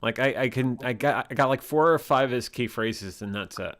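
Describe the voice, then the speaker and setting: A man's voice: mid-range voice, brisk, a bit bright. Guy hosting a stream, reads chat comments, joking around, regular middle voice. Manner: jokey, reads out viewer comments. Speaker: host. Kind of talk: casual live-stream chat.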